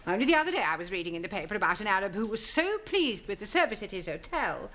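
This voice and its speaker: A bossy school principal. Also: female voice, mid-range voice, very animated, a bit bright, slight background noise. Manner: bossy, brisk, commanding. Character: bossy middle-aged woman principal. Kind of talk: 1970s studio sitcom acting.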